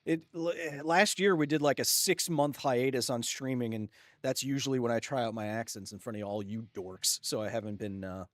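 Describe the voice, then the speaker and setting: A man's voice: mid-range voice, normal speed, dry recording. A man hosting a live game stream, chatting casually with viewers, reading out the chat and joking. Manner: chatty, jokey, reads chat aloud and laughs often. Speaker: gaming livestream host.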